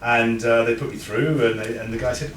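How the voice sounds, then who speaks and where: A man's voice: mid-range voice, fairly even intonation, fairly quick. A man giving an informal, anecdotal talk to an audience, with frequent restarts. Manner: chatty, anecdotal, with stammered restarts. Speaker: speaker at a breeders' talk. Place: event room with an audience. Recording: echoey room, mic far off, background noise.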